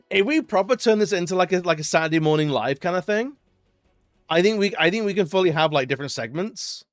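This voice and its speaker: A man's voice: sits high, expressive, a little fast, pauses often, dry recording, clean studio sound, soft background music. A man streaming live, chatting casually, joking, laughing often and rambling between stories.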